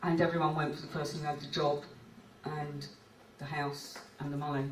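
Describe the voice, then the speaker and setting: A woman's voice: low voice, level tone, brisk, far from the mic, slight background noise. A woman giving a conference talk as a clinician, speaking conversationally and recounting cases from her practice. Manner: conversational, recounts cases and reads out clients' words. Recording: echoey hall picked up from afar.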